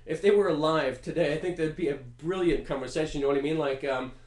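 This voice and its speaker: A man riffing in a casual comedic monologue, animated and profane, rambling with fillers. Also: on the high side, fairly quick. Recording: roomy echo.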